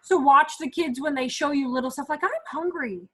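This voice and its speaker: Woman, high voice, chatty, acts out quotes, casual parenting advice. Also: fairly even intonation, a little fast, bright, forceful tone, low-quality recording. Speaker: parenting group leader.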